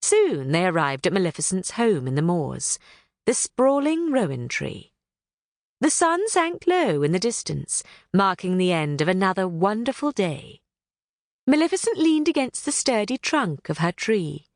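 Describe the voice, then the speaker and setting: Animated woman narrating a children's book. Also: mid-range voice, a little slow, no echo, clean studio sound. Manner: animated, storytelling. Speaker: audiobook narrator.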